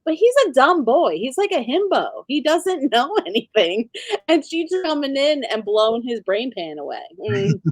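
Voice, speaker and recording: A woman co-hosting a podcast in a casual recap chat, emphatic and quick to laugh. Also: high voice, very animated, no echo. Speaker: podcast co-host.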